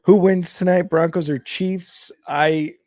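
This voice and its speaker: A man chats casually through a live football watch-along. His voice sits a little high and sounds close-miked and dry. He rambles with fillers and corrects himself as he reacts to the plays. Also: fairly even intonation, slow pace, a little mellow, no room sound. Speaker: co-host of a game watch-along stream. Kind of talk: casual live sports chat and play-by-play reactions.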